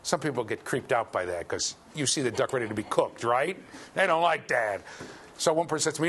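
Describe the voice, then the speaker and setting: A man giving a university lecture, lively and joking as he quizzes his students. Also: medium pitch, fairly quick, slight background noise. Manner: lively, jokey, quizzes the class. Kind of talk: classroom lecture. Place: lecture hall.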